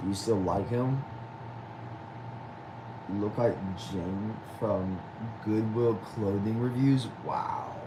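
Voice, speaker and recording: A man's voice: fairly low pitch, slow pace, pauses often, noisy background. A young man from Texas, hosting a casual livestream and answering viewer comments aloud. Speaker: livestream host.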